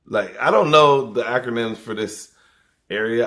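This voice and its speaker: A man's voice: mid-range voice, moderate pace, a bit bright. A man doing a casual comedic rant, rambling and loose, swearing freely and breaking into little laughs.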